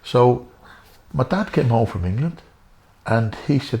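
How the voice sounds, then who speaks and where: Gravelly Irish man telling stories earnestly. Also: mid-range voice, animated, a little slow, dark tone. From Ireland. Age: middle-aged. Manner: earnest, repetitive, addresses the host by name. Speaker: interview guest, former boxer. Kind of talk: emotional storytelling.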